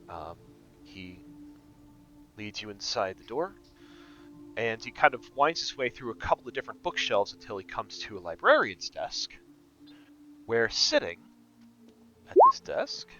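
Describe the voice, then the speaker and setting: A low-voiced man runs a tabletop game, rambling through his descriptions with plenty of fillers and a lively, swinging pitch. The recording is dull and lo-fi, with faint music underneath. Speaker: game master.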